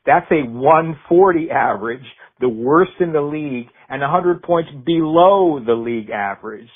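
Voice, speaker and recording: A man's voice: fairly high pitch, expressive, normal speed, slightly rough. A male caller making a dry, sarcastic, stats-heavy case about his team over a phone line. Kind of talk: phoned-in fan rant.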